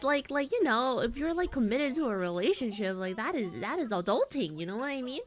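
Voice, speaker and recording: A woman's voice: a little high, big pitch swings, brisk, hardly any pauses. A woman in her twenties, a streamer chatting casually and rambling through a story while acting out her family's lines. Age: 20s. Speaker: VTuber streamer.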